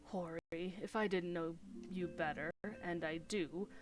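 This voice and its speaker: Lady doing a low dry scholar dude from a game, teasing his buddy. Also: fairly even intonation, measured pace, over music, close to an everyday voice. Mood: wry. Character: dry, teasing adult male scholar adventurer.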